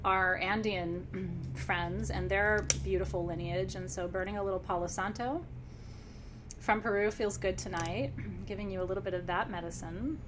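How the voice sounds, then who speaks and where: A woman's voice: medium pitch, normal speed, background noise. Emotional woman teaching a live class. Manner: emotional and excited, laughs often, clears her throat. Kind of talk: live-streamed class, warm conversational teaching.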